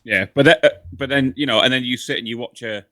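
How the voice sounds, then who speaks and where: A young man, co-hosting a podcast, chatting excitably and repeating himself. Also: mid-range voice, fast, no room sound. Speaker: podcast co-host. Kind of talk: casual chat.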